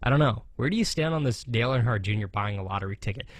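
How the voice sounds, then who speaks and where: An American man hosting a racing talk show, giving animated, opinionated commentary with sarcastic asides. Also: medium pitch, fast talker, hardly any pauses, dry recording. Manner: animated, sarcastic, mocks others in jokey voices.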